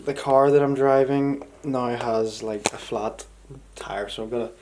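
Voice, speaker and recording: A man's voice: medium pitch, steady tone, unhurried, background noise. A young man, chatting casually and swearing freely as he vlogs from tour on a handheld action camera. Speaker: touring actor vlogging. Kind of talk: casual vlog chat.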